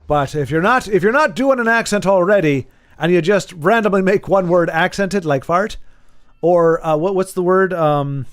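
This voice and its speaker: A man's voice: sits high, expressive, moderate pace, faint music behind. A man chatting casually on a live game stream, rambling, joking and correcting himself as he goes.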